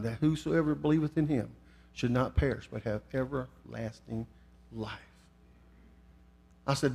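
A man's voice: fairly high pitch, vocal fry. An older man preaching a sermon, telling a folksy story and reading scripture with rising fervor. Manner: storytelling, rising to fervent emphasis.

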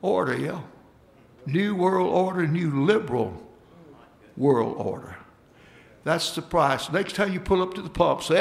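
A man's voice: a little high, animated, a little slow, creaky, pauses often. A man preaching a sermon, folksy and emphatic, calling out for amens from the congregation.

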